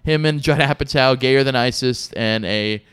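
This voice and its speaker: Dude co-hosting a podcast, smooth clear voice, dry close sound, kinda rambly and jokey. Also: male voice, medium pitch, moderate pace, fairly bright tone, dry recording. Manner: rambling, laughs often, sarcastic asides. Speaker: podcast co-host. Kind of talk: casual chat.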